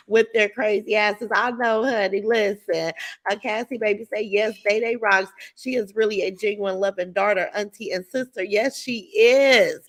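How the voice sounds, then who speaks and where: A middle-aged woman hosting a casual livestream, reading viewers' comments aloud and answering them bluntly and with plenty of profanity. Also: on the high side. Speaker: livestream host reading chat.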